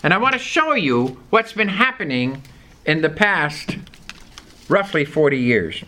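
Bright, lively-voiced man teaching scripture. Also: fairly high pitch, slow pace, pauses often. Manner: reads scripture aloud, then explains it with questions to listeners. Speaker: Bible teacher. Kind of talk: Bible study sermon.

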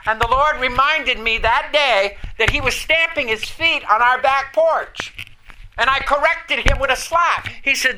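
In a noisy recording, an older man delivers a sermon in an extremely high-pitched voice at a slightly slow pace. He tells a personal story with earnestness, occasionally laughing at himself.

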